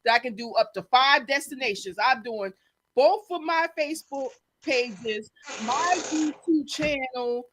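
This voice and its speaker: A woman's voice: high-pitched, lively intonation, a little slow, fairly bright tone. A woman with a Philadelphia accent hosting a casual livestream, brash and joking. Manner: brash, joking, swears freely. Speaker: host.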